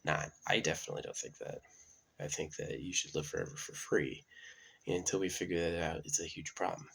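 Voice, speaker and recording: A man's voice: deep voice, level tone, brisk, gravelly, a bit bright, slightly rough. A man talking in a casual, meandering monologue with many fillers and restarts. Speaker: channel host.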